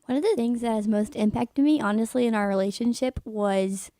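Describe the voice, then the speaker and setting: Young adult woman, American accent, gravelly fry, mellow tone, earnest, reflective. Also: a little high, a little fast, no room sound, studio quality. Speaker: guest, magazine staff writer. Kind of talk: casual faith-based radio talk.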